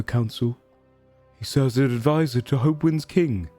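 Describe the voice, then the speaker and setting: A man's voice: medium pitch, normal speed, warm tone, soft background music. A man running a tabletop game as game master, narrating lore theatrically.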